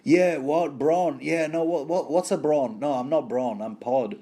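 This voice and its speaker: A man's voice: a little high, unhurried, warm tone, husky, voice pushed up. A man voicing a young male squire just woken from sleep, fumbling and confused. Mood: befuddled.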